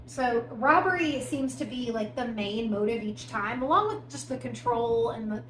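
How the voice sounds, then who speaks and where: A woman's voice: a little high, moderate pace, fairly bright tone. A woman co-hosting a podcast, recounting a crime case in casual storytelling with emphatic asides. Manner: conversational, recounting events with emphatic asides and fillers. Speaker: podcast co-host. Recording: echoey room with faint background noise.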